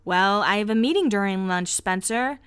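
A woman voicing a busy young working woman who talks in a soft, apologetic way. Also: mid-range voice, moderate pace, clear, resonant tone, natural voice.

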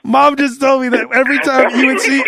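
A man's voice: very high-pitched, flat delivery, brisk, vocal fry, over a noisy crowd. A man co-hosting a podcast, teasing in casual chat. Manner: teasing, needling. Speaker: podcast co-host.

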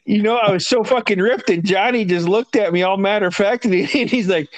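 A man's voice: sits high, fairly quick, hardly any pauses, no echo, highs cut off. A man casually telling stories, swearing a lot and laughing through them. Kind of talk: casual storytelling chat.

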